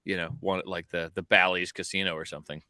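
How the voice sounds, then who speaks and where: A man's voice: low-pitched, little pitch movement, quick pace, bright, forceful tone, dry recording, studio quality. A man co-hosting a podcast from an outdoor rooftop deck, chatting casually with self-mocking jokes over a video call. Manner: jokey, self-mocking banter. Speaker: podcast co-host. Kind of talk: casual chat.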